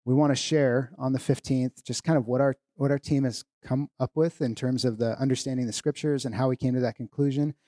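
A male church leader giving announcements in a relaxed, informal way, with fillers and restarts. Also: mid-range voice, brisk, hardly any pauses, no echo, studio quality.

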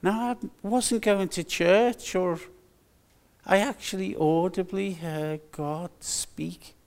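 An older man delivers a sermon in an earnest, emphatic way. He speaks slowly, with a slightly raised pitch, and leans on repeated phrases. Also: fairly even intonation, vocal fry. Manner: earnest, slow and emphatic with repetitions. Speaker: preacher.

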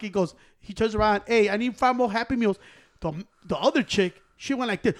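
A man with a high-pitched voice spins a rowdy, profane story among friends. He keeps dropping into Spanish and acts out every person he quotes. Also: fairly quick. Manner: profane, animated storytelling, switching into Spanish and acting out quoted people. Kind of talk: casual chat.

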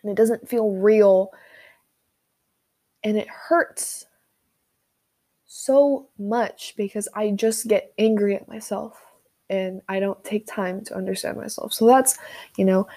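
A young woman talks through her feelings in a slow, unhurried way, pausing often and trailing off mid-thought. She sounds unscripted and halting. The recording is a phone voice memo. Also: mid-range voice, steady tone, warm tone. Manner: halting, unscripted, with many fillers and pauses. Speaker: vlogger. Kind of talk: personal venting monologue.

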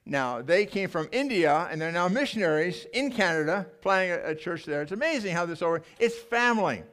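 High-voiced older man preaching a story-driven sermon. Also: fairly quick. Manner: animated, emotional storytelling with restarts. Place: church.

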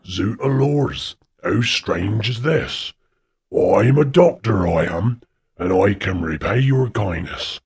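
A man playing a slow, husky village doctor. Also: fairly low pitch, expressive, a little mellow, full character voice. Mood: courteous. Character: kindly old-fashioned male village doctor, French. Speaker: doctor character. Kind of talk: amateur audio drama acting.

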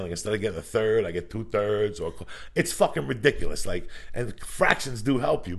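Middle-aged male podcast co-host, gravelly and low, swears freely, tells rowdy comic stories. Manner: profane, rapid storytelling with loud laughing outbursts. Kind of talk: crude comic chat.

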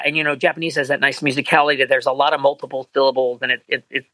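A man being interviewed as a voice actor, telling animated anecdotes and acting out quotes in higher voices. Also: rapid-fire, no room sound, rough recording. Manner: animated storyteller, acts out quotes in high voices. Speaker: voice actor guest.

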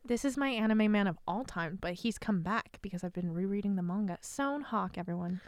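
A young woman co-hosting a casual anime podcast, animated and profane, laughing often and dropping into whispers. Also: medium pitch, a little fast, dry recording, clean studio sound. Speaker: podcast co-host.

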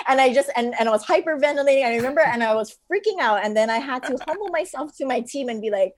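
A woman telling a story with lots of laughter, casual and animated, as a guest shop owner. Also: a little high, fast talker, hardly any pauses.

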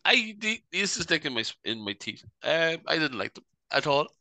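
Animated bright-voiced podcast host. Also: male voice, a little high, brisk, no room sound. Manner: rambling, peppers speech with "right?". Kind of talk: casual comedy podcast chat.

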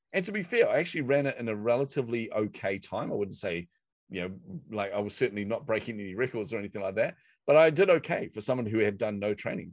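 Low-voiced New man telling a story. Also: no echo. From New Zealand. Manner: animated anecdotal delivery with acted quotes. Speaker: guest. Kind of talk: storytelling in a podcast interview.

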